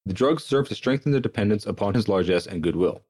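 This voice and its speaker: Ein junger Mann liest als Podcast-Host Geschichtsnotizen vor, schnell und leicht heiser, mit etwas tiefer Stimme. Immer wieder unterbricht er sich mit sarkastischen, fluchenden Kommentaren. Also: male voice, lowish voice, expressive, a little mellow, breathy edge. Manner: quick, sardonic, swears in asides. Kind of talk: reading history notes aloud with casual asides.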